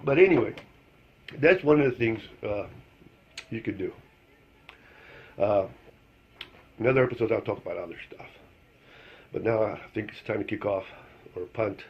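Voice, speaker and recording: A man rambles through a casual spoken monologue, stringing thoughts together with lots of fillers. His voice is gravelly and husky at a middle pitch. The sound is dull and lo-fi. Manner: rambling, full of fillers, chuckles at his own story. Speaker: storyteller telling a joke. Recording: dull lo-fi recording.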